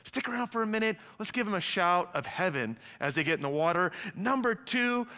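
A man's voice: sits high, brisk. A man preaching a sermon as pastor, chatty and playful, joking with his congregation between announcements and scripture. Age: adult with young sons. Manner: lively, joking, conversational preaching. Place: church hall before a congregation. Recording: long hall reverb.

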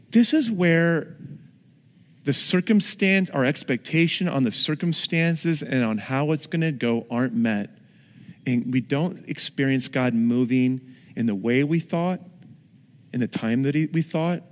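A man's voice: on the high side, lively intonation, measured pace. Man preaching in a reverberant hall. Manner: conversational preaching with acted-out asides. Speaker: pastor. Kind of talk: sermon. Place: church sanctuary. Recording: long reverb in a large hall.

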